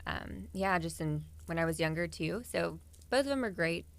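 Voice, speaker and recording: A woman's voice: fairly low pitch, animated, moderate pace, vocal fry, dry recording. A young woman in her twenties, a pageant contestant, chatting in a radio studio and laughing easily. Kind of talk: casual radio interview.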